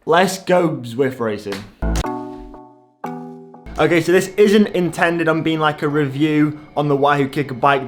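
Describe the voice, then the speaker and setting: Chatty man vlogging. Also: fairly high pitch. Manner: chatty, self-deprecating, rambling asides. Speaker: cycling YouTuber. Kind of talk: casual vlog narration and race commentary.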